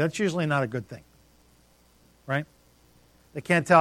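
Pastor, man, higher register, dramatic sermon delivery, dry recording. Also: fast, pauses often, fairly bright tone, no room sound. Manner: emphatic, rising and dropping to near silence for effect.

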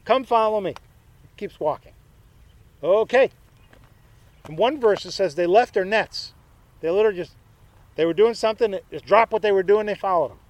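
A man's voice: high voice, fast, no room sound. A male pastor preaching a sermon in a conversational way, with joking asides to his congregation.

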